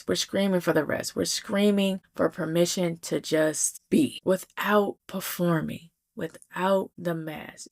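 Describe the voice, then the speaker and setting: A young adult woman hosting a solo podcast, talking in an earnest, heartfelt way and slowing down to stress her points. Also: on the low side, creaky. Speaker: podcast host. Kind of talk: solo reflective podcast monologue.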